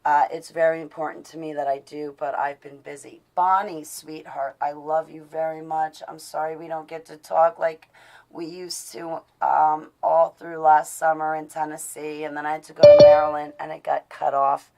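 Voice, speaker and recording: A woman's voice: deep voice, little pitch movement, normal speed, vocal fry, dark tone, poor audio. A woman hosting a casual live video-call show, talking in an affectionate, rambling way with many fillers. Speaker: host of an online show. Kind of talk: casual live-stream chat.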